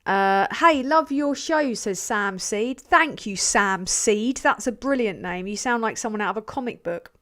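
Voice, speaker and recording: A woman's voice: medium pitch, a little slow, hardly any pauses, a bit bright. Chatty, sweary woman streamer. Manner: chatty, sweary, self-deprecating. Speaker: livestream host. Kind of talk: casual livestream chat reading donations.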